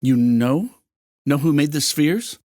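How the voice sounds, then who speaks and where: Man doing upset young wife, high pleading questions, dry close read, audiobook. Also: expressive, slow pace, a little mellow, no room sound. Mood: distressed. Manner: questions in a raised, pleading pitch.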